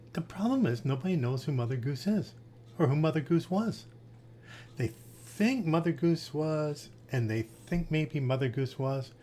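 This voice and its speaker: Guy reading nursery rhymes to kids, gentle sing-song, voice bounces up and down. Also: on the high side, slight background noise. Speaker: storyteller.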